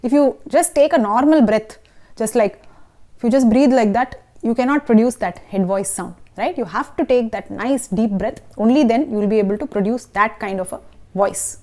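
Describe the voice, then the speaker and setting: A woman teaches a singing lesson at a moderate pace, her voice on the high side but dark in tone. She has an Indian English accent and is instructive, explaining technique and often checking in with the listener.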